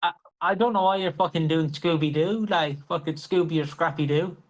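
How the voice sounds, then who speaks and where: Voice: mid-range voice, moderate pace. A co-host chatting casually about wrestling, swearing, laughing and humming theme songs. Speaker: podcast co-host. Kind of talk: casual wrestling podcast chat.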